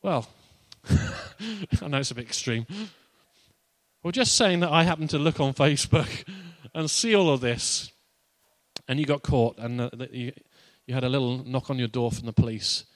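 A man's voice: mid-range voice, normal speed, no room sound. Playful, conversational male preacher. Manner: conversational and playful, with laughs and asides. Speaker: pastor. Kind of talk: sermon.

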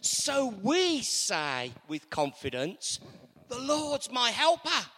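A man's voice: extremely high pitch, wildly swooping pitch, slow pace, a bit bright, husky, in a large hall. A man preaching a sermon in a church, leading the congregation in call-and-response and repeating key lines.

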